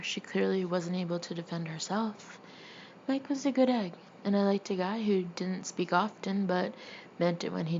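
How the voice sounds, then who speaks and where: A woman narrating a first-person memoir as an audiobook, with wry, deadpan humor. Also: medium pitch, highs cut off, a little hiss or hum.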